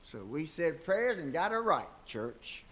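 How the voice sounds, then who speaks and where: A man's voice: a little high, sing-song, unhurried, a bit bright. Folksy man teaching a church class. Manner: folksy, rambling storytelling with restarts. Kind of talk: casual church class talk with personal stories.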